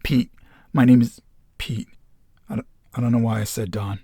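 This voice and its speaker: A man's voice: mid-range voice, little pitch movement, normal speed, darkish tone, husky, no room sound. A man reading as a nervous, stammering young man. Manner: hesitant, stammering. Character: nervous, awkward young man in his twenties.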